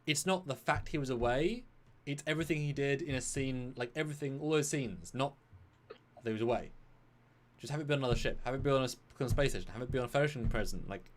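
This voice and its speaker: A man's voice: medium pitch, fast. A man co-hosting a casual live film discussion, arguing his view with jokes along the way. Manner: animated, jokey, argues his point. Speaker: co-host.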